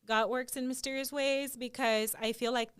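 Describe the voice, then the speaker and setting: A young woman co-hosts a podcast in a smooth, fairly high voice. She chats in an animated, casual way and scatters "like" through her sentences. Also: moderate pace. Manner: chatty and animated, many "like" fillers. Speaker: podcast co-host. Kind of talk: casual conversational chat.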